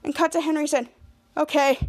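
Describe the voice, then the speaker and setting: A woman podcast host giving a casual, animated recap of a TV episode and acting out the characters' quoted lines. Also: high voice, fairly quick.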